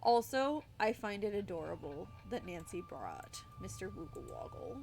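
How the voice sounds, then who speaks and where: A woman's voice: mid-range voice, animated, moderate pace, music in the background. A young woman streamer chatting casually with her viewers, giggly and a bit tired. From United States. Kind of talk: casual live-stream chat.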